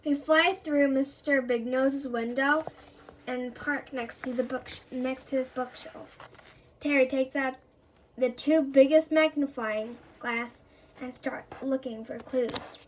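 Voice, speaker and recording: A woman's voice: high-pitched, steady tone, slow pace, slight background noise. A woman reading a children's chapter book aloud, narrating in the first person. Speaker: reader.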